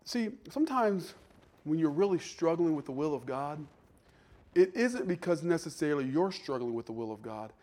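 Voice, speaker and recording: A man preaching a sermon as pastor to a church congregation, lively, dropping to soft asides and playing out voices. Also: a little high, normal speed.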